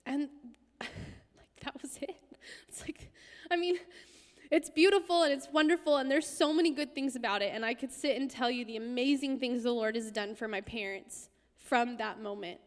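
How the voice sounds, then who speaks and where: A woman preaching in a high voice. She tells a personal story with intense emphasis and sometimes drops to a hushed whisper. Her voice rings with the long reverb of a church hall. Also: steady tone, moderate pace. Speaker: guest speaker. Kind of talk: sermon storytelling.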